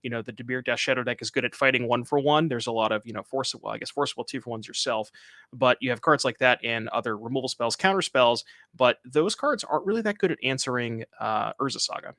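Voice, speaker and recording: A man's voice: mid-range voice, quick pace, bright, forceful tone, no room sound. A man doing live card game commentary as co-commentator, analytical as he breaks down plays and options.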